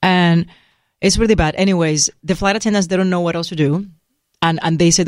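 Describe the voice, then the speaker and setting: A woman on a talk show telling personal stories in a lively way, acting out the voices she quotes. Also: fairly low pitch, fast, no echo, clean studio sound. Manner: acts out quoted voices, laughs through stories. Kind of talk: animated personal storytelling.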